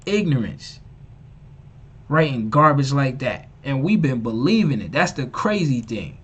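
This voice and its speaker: Emphatic, scornful male livestream preacher with a slangy delivery and a slightly raised pitch. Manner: emphatic and repetitive, mocking, slangy. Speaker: online preacher and teacher. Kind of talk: live-streamed preaching.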